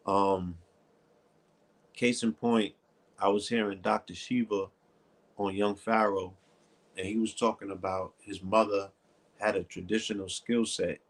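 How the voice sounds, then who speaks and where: A male co-host with a gravelly, husky voice who talks in a relaxed, conversational way. He keeps checking in with whoever he is talking to. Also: lowish voice. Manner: laid-back, conversational, checks in with the listener. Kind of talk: casual chat.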